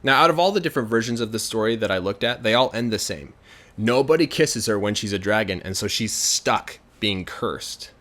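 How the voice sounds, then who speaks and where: A man's voice: lowish voice, brisk. Chatty male storyteller. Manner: chatty, many fillers, grows animated. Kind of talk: casual storytelling.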